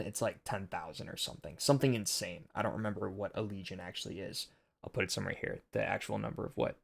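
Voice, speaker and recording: A man's voice: on the low side, creaky. A young man hosting a casual film commentary monologue, earnest and preachy with a rambling delivery.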